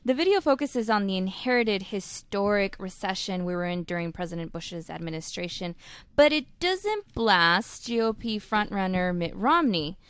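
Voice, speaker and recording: News presenter, woman, friendly read, mid pitch, dry studio sound. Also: very animated, normal speed, a bit bright, clear, resonant tone, no room sound. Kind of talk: reading news on a talk show.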